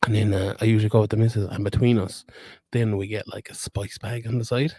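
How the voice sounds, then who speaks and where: A man's voice: lowish voice, level tone, quick pace, a little mellow, breathy edge. A young man with a Limerick Irish accent, rambling and laughing as he hosts a casual live stream from a fight weigh-in. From Ireland. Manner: rambling, chatty, laughs often. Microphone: phone camera.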